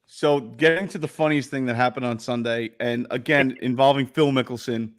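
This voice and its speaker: A man's voice: mid-range voice, fairly even intonation, normal speed. A man co-hosting a sports podcast, rambling through stories in laid-back casual chat with lots of fillers. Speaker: podcast co-host.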